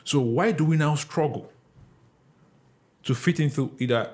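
A man's voice: on the high side, a little slow, a little mellow. A man from Nigeria co-hosting a casual podcast chat. He makes his points with energy and often repeats words as he starts them. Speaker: podcast co-host.

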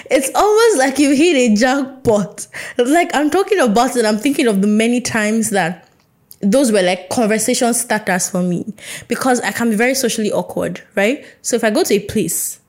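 On her casual solo podcast, a young woman talks in a chatty, playful way and acts out small exchanges. Her voice is a little mellow and on the high side, at a normal pace.

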